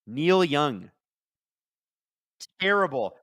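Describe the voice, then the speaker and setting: Guy doing a live hockey watchalong stream, rambly and chatty, bright sharp voice, dry close sound. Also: a little high, unhurried, no echo. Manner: rambling, chatty, jumps from storytelling to excited play calls. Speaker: livestream watchalong host.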